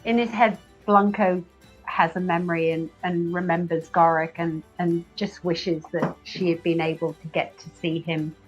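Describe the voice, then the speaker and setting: A woman's voice: lowish voice, fairly even intonation, moderate pace, muffled recording, faint music behind. A woman playing a tabletop game, hesitantly describing her character's feelings. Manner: hesitant, searching for words. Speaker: player.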